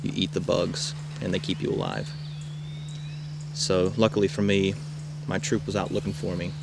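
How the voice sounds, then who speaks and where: A man, a camp counselor, telling campers a wild tall tale, shouting out the characters' lines. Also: sits low, normal speed, vocal fry. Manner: animated, shouts quoted lines. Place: outdoors at a rural camp. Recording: noisy outdoor camcorder recording.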